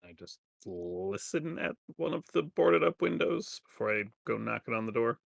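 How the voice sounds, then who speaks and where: A man's voice: mid-range voice, normal speed, gravelly, dry recording, studio quality. A man playing a tabletop game, joking and laughing with the others. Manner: lively, joking, laughs often. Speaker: player.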